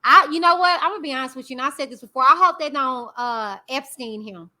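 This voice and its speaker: A woman with a bright, high voice talks fast while hosting casual live-stream commentary on YouTube. She's blunt, candid, and opinionated, addressing her viewers directly.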